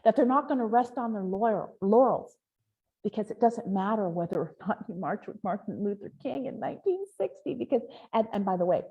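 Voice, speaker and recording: A woman's voice: mid-range voice, lively intonation, fairly quick, warm tone. A middle-aged woman hosting a live question-and-answer talk, speaking with emphatic passion and rhetorical questions. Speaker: host. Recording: dull lo-fi stream audio.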